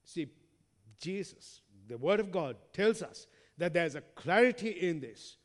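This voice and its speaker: A man preaching with a fairly high voice, reading scripture and putting questions to the listeners. He swings from forceful emphasis to hushed, trailing words. His voice rings out with a long reverb, as in a large hall. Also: lively intonation, a little slow. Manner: addresses listeners as friends, asks rhetorical questions.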